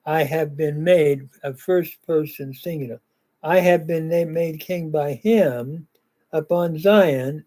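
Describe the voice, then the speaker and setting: A man teaching biblical grammar, reading ancient verses aloud and working through them slowly with frequent "uh" pauses. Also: a little high, mellow. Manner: deliberate, pauses with "uh", reads ancient text aloud. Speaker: Bible language teacher. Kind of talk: slow grammar lecture.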